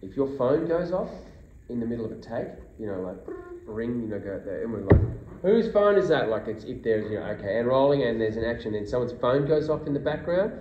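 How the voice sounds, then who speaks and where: An Australian man in casual chat as a guest actor at a convention panel, telling animated anecdotes and acting out quotes. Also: fast, hardly any pauses. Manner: animated storyteller, acts out quotes in a high voice. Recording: roomy hall, dull lo-fi sound, noisy.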